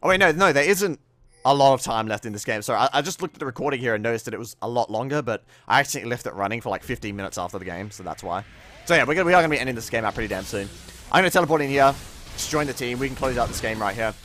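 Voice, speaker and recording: A young man giving casual commentary over his own gameplay, laid-back and swearing freely with sudden excited outbursts. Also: mid-range voice, rapid-fire, soft background music.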